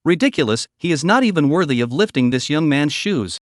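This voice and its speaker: A man's voice: on the high side, expressive, fairly quick, dry recording, clean studio sound, close to an everyday voice. A man voicing an arrogant young male cultivator who talks down to everyone and calls himself "this young man.". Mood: haughty.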